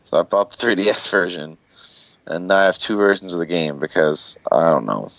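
Host, guy with a gravelly lowish voice, rambling storyteller, swears, muffled lo-fi call audio. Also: a little fast, fairly bright tone, no echo. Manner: rambling, swears casually, acts out quotes. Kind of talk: casual storytelling on an online call.

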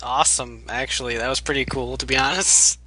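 Young man with a very bright voice. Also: mid-range voice, fairly even intonation, fairly quick, breathy edge, no echo. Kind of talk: casual podcast chat.

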